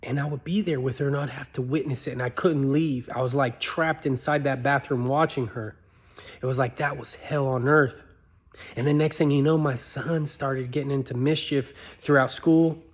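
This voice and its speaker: A man telling a personal story in an earnest, pleading way, his voice climbing high when he begs. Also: fairly even intonation, normal speed. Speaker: motivational speaker.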